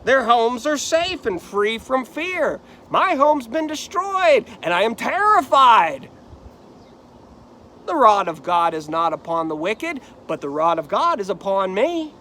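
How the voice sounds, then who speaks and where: A man's voice: very high-pitched, big pitch swings, a little slow, sharp tone, a little hiss or hum, heavily acted. A man voicing an anguished suffering man who protests to his friends in a pleading, indignant way.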